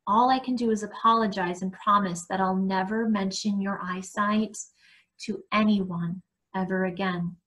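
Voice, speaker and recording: A woman voicing a gentle, apologetic middle-aged mother who speaks softly and pleads with affection. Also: medium pitch, steady tone, normal speed, close to an everyday voice. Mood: pleading.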